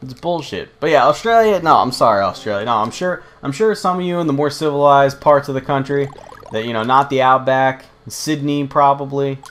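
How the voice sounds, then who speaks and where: A young man talks through his gameplay in a loose, rambling way, swearing often. His voice sits at an ordinary middle pitch. Faint music plays quietly behind him. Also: a little fast. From United States. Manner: rambling, profane, chatty. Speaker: let's play host. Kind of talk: casual gameplay commentary.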